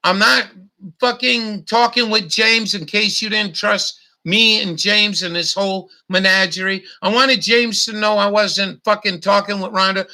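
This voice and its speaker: Middle-aged male streamer, sharp bright tone, blunt profane rambling. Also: high voice, steady tone, a little slow. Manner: blunt, profane, repetitive ranting. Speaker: livestream host. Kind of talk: casual livestream chat.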